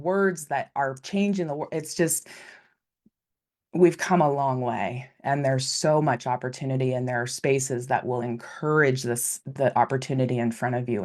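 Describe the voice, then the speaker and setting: A woman hosting a live panel discussion, wrapping up with animated, emphatic remarks. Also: low-pitched. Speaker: host.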